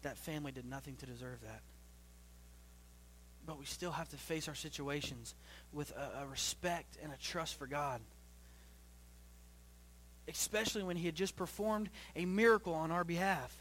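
A young man preaching a sermon to his church as pastor, swinging between loud rising bursts and low quiet stretches, often repeating and restarting phrases. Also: moderate pace, pauses often, slight background noise.

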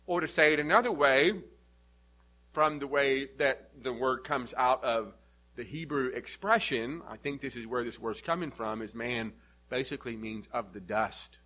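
Bright-voiced, high-pitched male preacher. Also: poor audio. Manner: expository preaching with rising emphatic questions. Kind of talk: sermon.

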